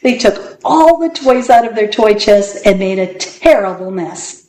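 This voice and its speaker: Woman reading storybooks out loud, expressive, pretty echoey room. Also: medium pitch, a little slow. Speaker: storybook reader. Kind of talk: reading picture books aloud. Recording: roomy echo.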